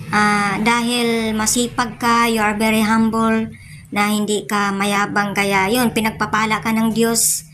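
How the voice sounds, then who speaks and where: Chatty Filipina vlogger, Cebuano native. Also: female voice, a little high, fairly bright tone, slight background noise. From Dumaguete, Philippines. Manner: chatty, says "guys" in nearly every line, admiring. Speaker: vlogger reacting to a performance. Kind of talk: casual reaction vlog.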